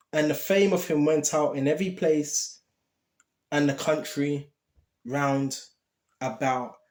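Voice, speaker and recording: A man with a high voice gives an informal Bible teaching, speaking conversationally and reading scripture aloud. He keeps checking in with the listener between verses. The recording has a roomy echo. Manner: conversational, reads scripture aloud, often asks "right?" and "okay?". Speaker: preacher.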